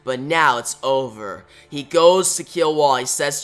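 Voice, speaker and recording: A man recapping a comic book story in a casual, plain way, moving from scene to scene with "now". His voice is bright and forceful and sits a little high. Faint music plays behind him. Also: measured pace, hardly any pauses.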